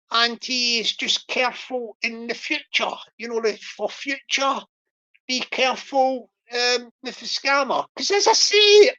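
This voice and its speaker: A woman's voice: fairly high pitch, bright, forceful tone. A woman livestreamer chatting casually in a rambling way, with many restarts, fillers and small chuckles. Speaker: YouTube livestreamer. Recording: lo-fi dull stream audio.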